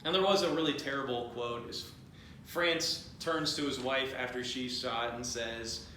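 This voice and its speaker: A man's voice: mid-range voice, steady tone, a little slow, bright, forceful tone. A man telling a history story at a party in a loose, joking, rambling way, acting out the voices of the people in it. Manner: rambling, jokey, acts out quoted voices. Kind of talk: comedic drunk history retelling. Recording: very echoey room with faint noise.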